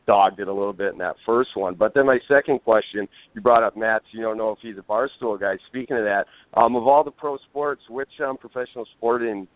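A man's voice: lowish voice, a little fast, few pauses, no room sound. A man calling in to a radio show from the Detroit area, with a slightly Canadian-sounding Detroit accent, chatty and friendly. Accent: Detroit, Canadian-tinged. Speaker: caller. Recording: tinny phone line, dry.

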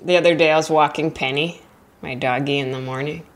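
A young adult woman doing a stand-up comedy set, chatty and self-deprecating, who rambles and jumps into high, squeaky voices for imagined friends. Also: steady tone, fairly quick.

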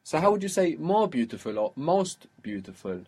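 A man's voice: a little high, very animated, moderate pace, a little mellow, breathy edge. A man teaching a spoken Arabic lesson, explaining patiently and prompting his student with questions.

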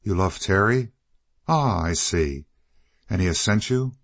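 A man voicing a proud, guarded older woman for an audiobook, raising his voice slightly higher and softer. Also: animated, unhurried, no echo, full character voice. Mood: startled.

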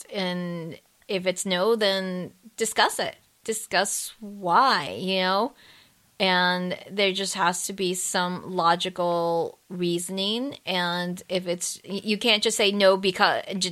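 A woman's voice: fairly low pitch, steady tone, unhurried, fairly bright tone. A woman co-hosting a podcast, talking in an upbeat, emphatic way. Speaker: podcast co-host. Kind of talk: casual podcast chat.

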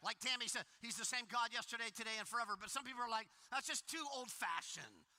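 A man preaching a sermon in a casual, animated way, full of fillers and questions to the congregation. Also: extremely high pitch, racing. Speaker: pastor. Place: church hall. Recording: long hall reverb.

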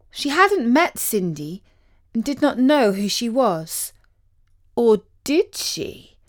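A woman narrating a children's story in a gentle, expressive storytelling voice. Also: mid-range voice.

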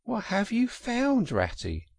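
Guy reading as a whiny pettish mole, squeaky and fretful, kinda husky, storybook. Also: huge pitch swings, takes it slowly, dry recording, clean studio sound, exaggerated voice. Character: fussy, pettish male mole, small and complaining. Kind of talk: audiobook character reading.

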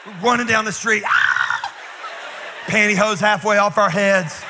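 A man preaching a sermon, telling a comedic story, animated and full of asides. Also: sits high, fairly quick, background noise. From North Carolina. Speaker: pastor.

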